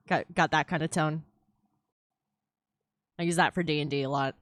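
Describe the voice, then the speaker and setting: A woman's voice: low-pitched, fairly even intonation, normal speed, long pauses, no echo, studio quality. A woman chatting casually while drawing on a live stream, swearing freely and laughing easily. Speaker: streaming artist. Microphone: headset.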